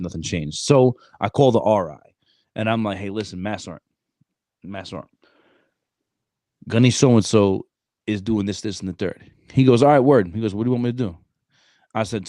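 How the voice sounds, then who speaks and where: Podcast co-host, man in his thirties, low voice, close dry mic, animated storyteller heavy on slang. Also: no room sound. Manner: animated, streetwise slang, frequent "bro". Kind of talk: casual storytelling chat.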